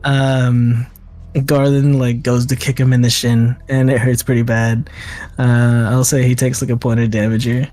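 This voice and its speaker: A man's voice: medium pitch, little pitch movement, moderate pace, mellow, soft background music. A young man narrating as game master of a tabletop game, laughing often between filler words.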